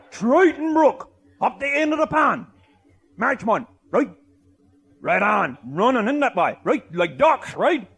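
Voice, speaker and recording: An older man telling a comic tall tale, boisterous and loud, often laughing as he talks. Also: high voice, creaky, slightly rough. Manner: boisterous, often shouting and laughing mid-sentence. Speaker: storyteller.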